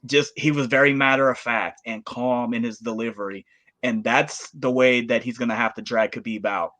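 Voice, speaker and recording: A man's voice: medium pitch, fairly even intonation, moderate pace, a bit bright. A man co-hosting a casual sports talk show, rambling through his points with repeated phrases. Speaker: co-host.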